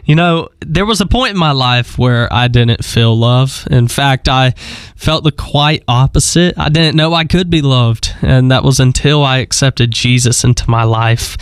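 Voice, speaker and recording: A man hosting Christian radio, talking in a gentle, encouraging, personal way between songs. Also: medium pitch, a little slow, smooth, no echo, studio quality. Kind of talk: devotional radio talk.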